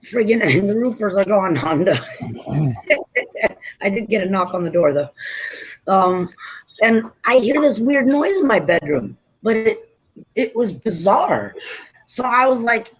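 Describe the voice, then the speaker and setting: A woman hosting a casual late-night podcast chat. Her voice has a faintly husky edge, and she tells stories loosely, with frequent laughter and cursing. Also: mid-range voice, lively intonation, unhurried, pauses often, poor audio. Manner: profane, laughing storyteller. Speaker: podcast host.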